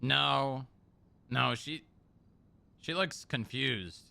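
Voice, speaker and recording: A man's voice: mid-range voice, very slow, gravelly, sharp tone. A man in casual roleplay banter, teasing and laughing easily. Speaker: roleplay player, streamer.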